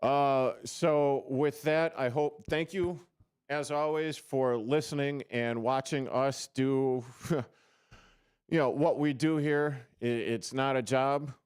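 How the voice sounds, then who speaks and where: A man hosts a relaxed sports radio show in the studio, his mid-range voice steady, slow, darkish, and smooth, with no room sound on the studio microphone. He meanders and jokes about himself, dropping in many fillers and restarting often.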